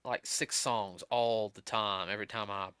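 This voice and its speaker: A man's voice: lowish voice, steady tone, moderate pace, bright, forceful tone, smooth, no room sound. A tired man chatting casually as a podcast guest host, rambling with lots of fillers and restarts.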